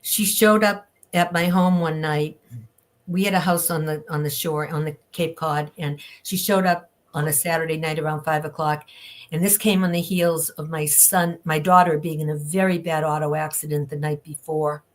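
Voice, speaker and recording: An older woman speaks as an interview guest, her voice sitting a little low. She tells her story candidly and with life, acting out what others said to her. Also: moderate pace. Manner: candid, lively storytelling with acted-out quotes.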